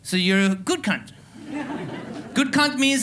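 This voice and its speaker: A man's voice: extremely high pitch, animated, slow pace, a bit bright, a little hiss or hum. A man from Venezuela with a Venezuelan Spanish accent, hosting a stand-up comedy show and hyping a live crowd with playful energy. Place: theatre stage before a live audience.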